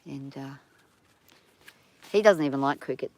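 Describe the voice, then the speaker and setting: A woman's voice: very deep voice, measured pace, darkish tone. A middle-aged Australian woman chatting casually on a farm livestream, rambling and laughing easily, a bit stuffy from hay fever.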